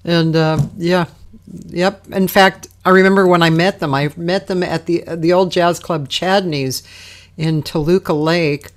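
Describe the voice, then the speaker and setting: A woman hosting a casual livestream chat over a video call, relaxed and rambling, with many fillers. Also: lowish voice, measured pace. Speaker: host.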